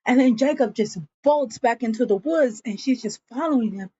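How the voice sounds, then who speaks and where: A woman's voice: on the high side, normal speed, warm tone, breathy edge, muffled recording. A woman recapping a TV episode in a casual, chatty way, acting out the characters' lines and addressing her viewers as y'all. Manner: chatty storytelling that acts out quotes, says y'all. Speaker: TV episode reviewer.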